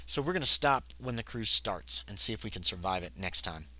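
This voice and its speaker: Lowish and sharp-toned, his voice has lively intonation and runs a little fast. He's a streamer running a tabletop game by himself live, alternating between reading game text and chatting casually with chat and himself.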